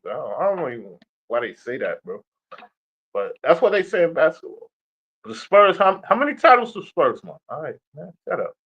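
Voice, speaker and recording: A young man rants about basketball on a casual stream, swearing and trash-talking as he goes. His pitch climbs and falls all over, sitting a little high for a man. The audio is dull and lo-fi. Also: breathy edge. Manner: animated, profane, trash-talking. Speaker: sports streamer. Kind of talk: casual sports rant.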